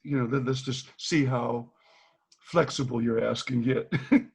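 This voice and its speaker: At a slightly slow pace, an older man from Boston speaks in a creaky, husky, medium-pitched voice. A former teacher and guest on a video call, he tells frank stories with animation, acting out the dialogue and laughing often.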